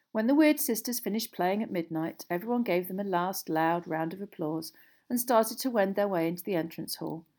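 A woman narrating a storybook aloud in a steady, measured reading. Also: on the low side. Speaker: audiobook narrator.

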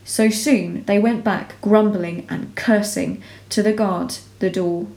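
Female narrator for a children's fantasy read-aloud; steady, expressive, mid-range voice in a roomy space. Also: medium pitch, creaky. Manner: measured, expressive reading aloud. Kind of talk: storybook reading. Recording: roomy echo.

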